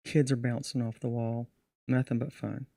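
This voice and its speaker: A middle-aged magician, guesting on a casual podcast, animatedly tells stories from his show and acts it out. His voice is mid-range and gravelly at a normal speed, recorded dry with clean studio sound.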